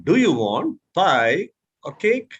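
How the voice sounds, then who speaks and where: A man's voice: fairly high pitch, big pitch swings, slow pace, breathy edge, lo-fi sound. A man with an Indian English accent mentoring a speaking class over a video call, patiently showing tones by example. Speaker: speech mentor. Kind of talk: online mentoring session.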